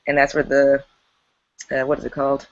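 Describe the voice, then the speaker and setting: A woman's voice: rumbling low, completely flat delivery, moderate pace, muffled recording. A woman who runs an improv theater, chatting casually and laughing on a video call.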